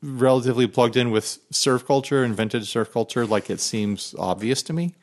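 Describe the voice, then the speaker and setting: A man's voice: medium pitch, moderate pace. Laid-back male podcast co-host. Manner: laid-back, laughs while talking. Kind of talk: casual chat about guitars.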